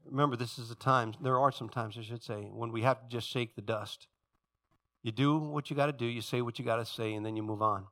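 A middle-aged man preaching a sermon as pastor, swinging from quiet low passages to loud high-pitched exhortation and calling out to his congregation. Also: fairly even intonation, a little fast. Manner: calls out to the congregation for responses.

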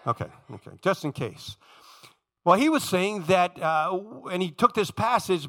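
A man preaching a sermon with passion, talking straight to his congregation and swinging from loud emphasis to hushed, low tones. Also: big pitch swings, moderate pace. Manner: addresses congregation directly.

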